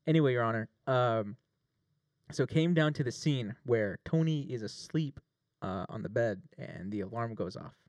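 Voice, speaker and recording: A man with a mid-range voice and no room sound talks at a moderate pace while acting as the plaintiff in a casual mock courtroom scene. His lengthy story is lively and jokey, with plenty of swearing.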